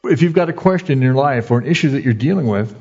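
A male pastor delivers a relaxed, conversational sermon, slipping into the voices of the people in his stories. His voice is husky and mid-pitched. The recording sounds dull and lo-fi. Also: fast, soft background music. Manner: lively storyteller who acts out the quoted voices; conversational, folksy preaching.

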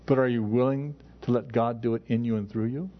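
A man's voice: medium pitch, fairly even intonation, fairly quick. Man preaching conversationally, lo-fi sound. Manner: conversational preaching with frequent restarts. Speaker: pastor. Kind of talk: sermon. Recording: dull lo-fi recording.

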